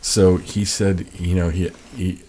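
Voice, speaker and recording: Deep-voiced male collector, husky and gravelly, easygoing storyteller. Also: measured pace. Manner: relaxed retelling with many fillers. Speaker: record collector. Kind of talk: casual chat.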